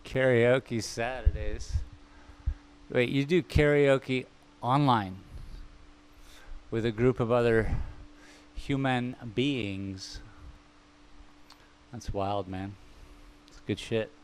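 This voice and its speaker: Slow, musing man painting on stream. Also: medium pitch, smooth. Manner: musing aloud, wandering and self-mocking. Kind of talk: rambling live-stream chat while painting. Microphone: microphone.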